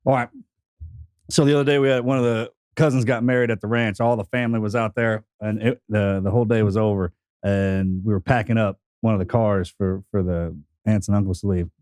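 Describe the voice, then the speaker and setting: A man's voice: fairly low pitch, a little fast, no room sound, clean studio sound. A man co-hosting a podcast, telling family stories in casual chat and acting out the voices. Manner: animated storyteller acting out voices. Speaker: podcast co-host.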